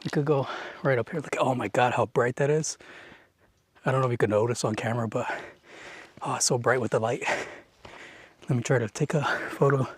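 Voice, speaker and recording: A man's voice: mid-range voice, brisk, pauses often, breathy edge. Young man, hiking vlog, outdoor mountain trail, handheld camera mic, casual rambling talk. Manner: chatty and rambling, full of "like". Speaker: hiking vlogger.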